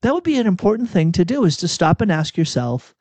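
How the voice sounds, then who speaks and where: A preacher telling chatty, self-deprecating anecdotes in a sermon. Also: male voice, high-pitched, sing-song, fast talker, a little mellow, no room sound. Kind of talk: storytelling sermon. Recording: dull, dry lo-fi recording.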